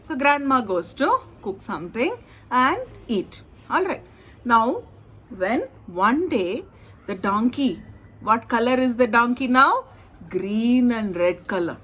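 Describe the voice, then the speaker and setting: A woman telling a children's story, animated and often asking her listeners questions. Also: fairly high pitch, slow, low-quality recording.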